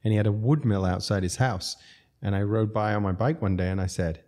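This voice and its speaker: A man's voice: lowish voice, steady tone, brisk, warm tone. A man who runs restaurants, telling rambling, self-mocking stories in a casual podcast chat. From outside the United States. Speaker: restaurateur guest.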